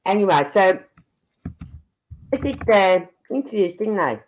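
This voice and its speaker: A woman's voice: mid-range voice, animated, measured pace, slight background noise. A woman from England with a Birmingham accent, chatting casually on a livestream and thinking aloud as she goes. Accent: Brummie (Birmingham). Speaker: livestream commentator.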